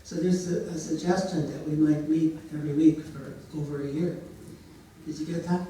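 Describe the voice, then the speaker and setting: A man's voice: a little high, level tone, normal speed, warm tone, heavy reverb, far from the mic, slight background noise, poor audio. A man telling a story in a casual way, now and then putting on voices for the characters. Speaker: storyteller and therapist.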